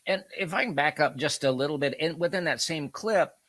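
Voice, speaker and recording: Bright-voiced Southern man, emphatic. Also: a little high, fairly quick, no room sound. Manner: emphatic and indignant. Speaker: guest. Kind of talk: casual chat.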